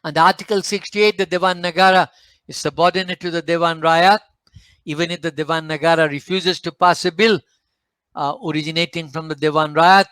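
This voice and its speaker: A man with a Malaysian English accent delivering a formal slide talk, measured and emphatic, pausing now and then to hesitate. His voice sits somewhat high for a man. The sound is dry and close, with almost no room echo. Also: sharp tone, smooth. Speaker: speaker at a panel forum.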